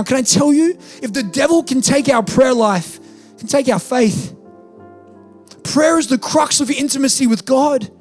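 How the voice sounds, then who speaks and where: A man's voice: high voice, a little mellow. A male pastor preaching a sermon in a church, talking casually and then building to emphatic peaks.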